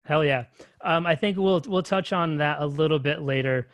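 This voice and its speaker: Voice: mid-range voice, normal speed, no echo. Laid-back host in a dry room. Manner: laid-back, encouraging, slangy. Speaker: podcast host. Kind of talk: casual interview chat.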